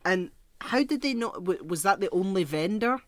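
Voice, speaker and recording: A man's voice: high voice, lively intonation, normal speed, no echo. A young man chatting casually as a podcast co-host, ranting in exasperation, swearing and filling with "like". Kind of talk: casual chat.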